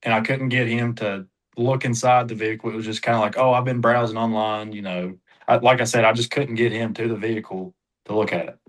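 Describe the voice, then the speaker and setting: Car sales guy, low voice, unsure, lots of "you know"s. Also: steady tone, brisk, rough recording. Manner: hesitant, full of "you know" fillers. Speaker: car salesperson being coached. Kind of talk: casual talk in a coaching session.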